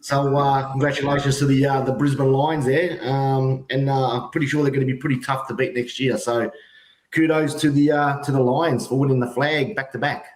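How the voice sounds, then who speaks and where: Aussie guy chatting slow with lots of uhs, roomy echo. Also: mid-range voice, little pitch movement. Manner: halting, filled with uhs. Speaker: guest co-host. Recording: echoey room.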